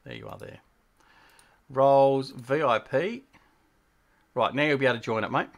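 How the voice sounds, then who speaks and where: A man hosts a casual gaming livestream, chatting with and teasing his guests and thinking aloud as he plays. His voice is mid-range and gravelly, at a normal speed.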